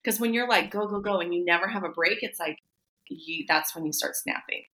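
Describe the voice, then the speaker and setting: A woman's voice: fairly quick, pushed and bright. A woman talking casually as a podcast guest. She tells candid, personal stories and lifts her voice when she acts out what she was thinking at the time. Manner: candid, acts out quoted thoughts in a higher voice. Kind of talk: casual chat.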